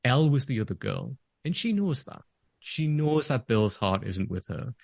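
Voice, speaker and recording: A man's voice: mid-range voice, sing-song, normal speed, gravelly, no room sound. A man co-hosting a podcast, chatting casually and enthusiastically about a movie he loves. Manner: enthusiastic, gushing, acts out quotes. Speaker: podcast co-host. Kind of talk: casual movie review chat.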